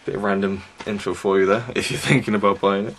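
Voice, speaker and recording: A man's voice: on the low side, steady tone, quick pace, vocal fry, fairly bright tone, a little hiss or hum. A young man giving a casual, chatty review of wrestling DVDs, enthusiastic and full of fillers. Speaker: DVD reviewer.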